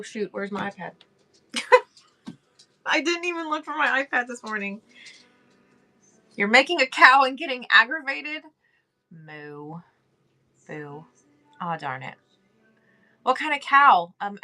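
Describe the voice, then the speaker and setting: A woman's voice: fairly high pitch, sharp tone. A middle-aged woman, hosting a casual livestream chat, reading chat aloud and laughing often. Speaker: livestream host.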